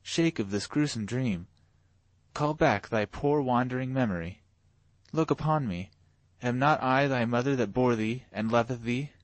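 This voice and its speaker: A man's voice: medium pitch, measured pace, no echo, natural voice. A man reading a storybook voicing a poor middle-aged mother who pleads in archaic speech. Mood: anguished pleading.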